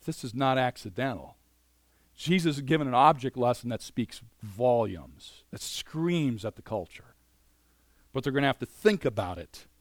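Animated male preacher, dry close sound. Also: mid-range voice, moderate pace, no room sound. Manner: animated, swings between loud emphasis and quiet asides; conversational, many "you know" fillers. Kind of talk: sermon.

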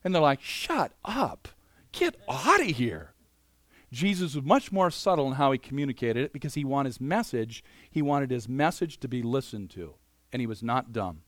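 Animated male preacher, dry close sound. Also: mid-range voice, a little fast, dry recording. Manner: animated, swings between loud emphasis and quiet asides; conversational, many "you know" fillers. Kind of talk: sermon.

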